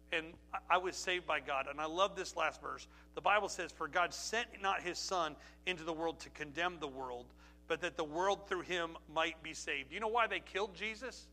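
A man preaching a sermon with a high-pitched and very bright, piercing voice. He is middle-aged and speaks with emphatic conviction, asking rhetorical questions and sinking to a hushed, low voice at personal moments. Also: normal speed. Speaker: pastor.

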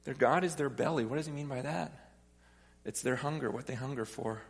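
A man's voice: medium pitch, brisk, vocal fry, slightly rough. Preaching man in a reverberant hall. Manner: preaching with rising intensity, quoting scripture, rhetorical questions. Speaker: pastor. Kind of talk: sermon. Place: church hall. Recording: live sermon with long hall reverb and soft guitar behind. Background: faint guitar music.

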